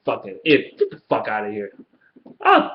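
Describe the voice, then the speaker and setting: A man rants straight into the camera about a rival team, profane and cocky. He keeps breaking into high, mocking sing-song taunts. The sound is dull and lo-fi, with a roomy echo around his voice. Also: normal speed. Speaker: sports fan vlogger. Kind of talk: ranting fan response video. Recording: echoey room, dull lo-fi sound.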